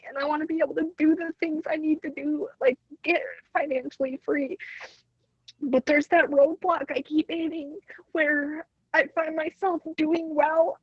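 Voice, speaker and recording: A woman calling in from a separate room at work, emotional and halting as she speaks. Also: high-pitched, dry recording, lo-fi sound. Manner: halting, hesitant. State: emotional, near tears. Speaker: caller.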